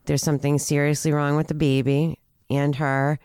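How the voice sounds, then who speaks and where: A woman telling a personal story in a halting, earnest way, with many restarts and fillers. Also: deep voice, flat delivery, darkish tone, clear, resonant tone, no room sound, clean studio sound. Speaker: guest telling her recovery story.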